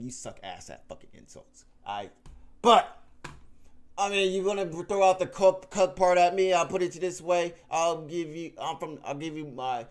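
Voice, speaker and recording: A man ranting straight to his audience, heated and profane, rambling with many restarts. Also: medium pitch. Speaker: YouTube commentator. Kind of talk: unscripted rant to camera.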